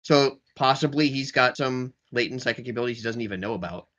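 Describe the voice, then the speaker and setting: A man's voice: mid-range voice, fast, fairly bright tone, highs cut off. A man playing a tabletop game, rambling and thinking aloud in casual chat. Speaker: player.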